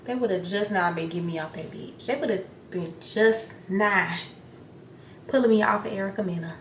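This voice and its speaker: A young woman talks straight into the camera while getting ready, blunt and full of profanity, acting out what people said. Her voice sits at a middle pitch and bounces around an echoey room with a faint hum of ambient noise behind it. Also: moderate pace. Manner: blunt, profane, animated retelling with acted-out quotes. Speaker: beauty vlogger.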